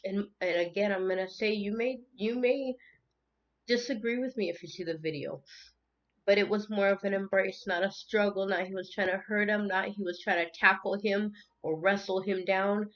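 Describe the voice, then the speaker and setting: A woman's voice: medium pitch, steady tone, moderate pace, lo-fi sound. A woman talking earnestly and emotionally in an unscripted spiritual monologue, often repeating words as she goes. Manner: earnest, repeats words and restarts, tearful at times. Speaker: spiritual tarot channel host.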